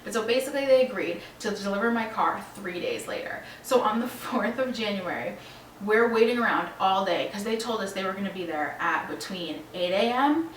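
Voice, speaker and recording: Animated young woman telling a story. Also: mid-range voice, normal speed. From Long Island, New York. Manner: animated, swearing, acts out both sides of phone calls. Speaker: vlogger. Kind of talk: casual storytime. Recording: roomy echo, voice a bit far from the mic, faint background noise.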